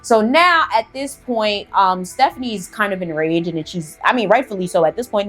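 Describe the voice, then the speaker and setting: A young woman hosting a casual storytime vlog, telling it in an animated, chatty way and swearing freely. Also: mid-range voice, moderate pace, soft background music. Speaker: storyteller host.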